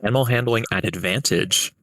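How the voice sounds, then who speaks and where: Low-voiced male game master, dry close mic, halting. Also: bright, forceful tone, dry recording, poor audio. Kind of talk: narrating a tabletop game.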